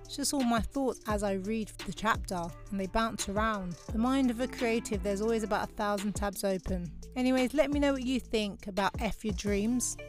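A woman's voice: mid-range voice, normal speed, few pauses, faint music behind. A young woman, hosting her own podcast in a candid, chatty solo monologue and laughing easily. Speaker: podcast host.

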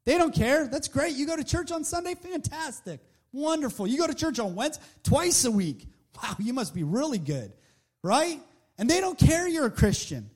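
High-voiced man preaching animatedly. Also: normal speed. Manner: animated, conversational, acts out quotes. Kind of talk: sermon.

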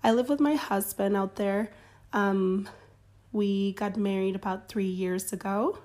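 Slow-talking woman in her thirties. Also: medium pitch, fairly even intonation. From California. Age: 30s. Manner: slow, warm, easygoing, laughs along. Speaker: podcast guest. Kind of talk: casual podcast chat.

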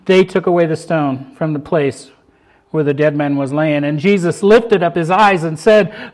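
High-voiced older man preaching a sermon. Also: measured pace. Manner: emphatic preaching that swings from loud climbs to quiet musing. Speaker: pastor.

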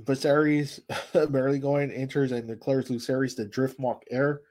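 A man's voice: medium pitch, level tone, normal speed, darkish tone. A man in casual chat, summarizing a TV plot in a laid-back way with many fillers. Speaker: podcast co-host. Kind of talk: casual show recap chat.

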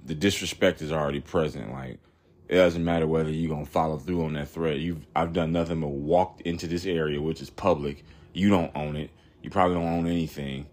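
A man in his thirties hosting a podcast, telling a long story in a rambling, blunt and profane way, full of fillers. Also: rumbling low. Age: 30s. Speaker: podcast host.

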